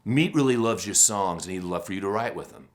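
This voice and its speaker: A man's voice: sits low, fairly quick, natural voice. A man imitating a brash older male music manager with a put-on Brooklyn accent during a keynote talk.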